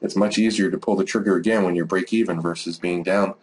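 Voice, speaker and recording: A man's voice: sits low, steady tone, fast talker, a little mellow. A man teaching a trading lesson over a screen recording, talking casually and practically with many fillers. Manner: casual, rambling, lots of "uh" and "you know". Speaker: forex trading educator.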